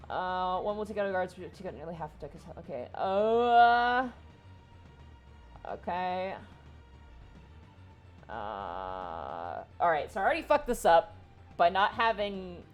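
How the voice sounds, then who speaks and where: A woman's voice: lowish voice, sing-song, slow, long pauses, faint music behind. A woman casually commenting on a video game as she plays, reading its text aloud and swearing now and then. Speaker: streamer. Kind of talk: casual let's-play commentary.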